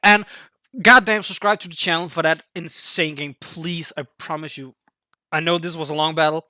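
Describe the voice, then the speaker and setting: A man with a high, very bright voice commentates his own game battle in an excitable rush. He swings from muttering to shouting in disbelief. The recording is dry and close, with faint music underneath. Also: moderate pace, no room sound. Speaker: gaming youtuber.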